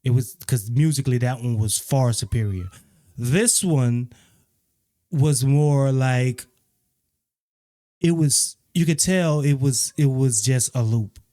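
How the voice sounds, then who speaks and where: A man giving a casual, opinionated spoken album review, often repeating himself and growing animated when he criticizes. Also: mid-range voice, takes it slowly, long pauses. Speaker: music reviewer.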